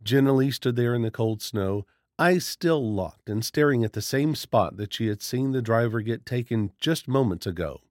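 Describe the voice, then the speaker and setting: A man reading a horror story aloud as narrator in a steady, dramatic storytelling manner. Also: mid-range voice, moderate pace, hardly any pauses, no room sound, studio quality.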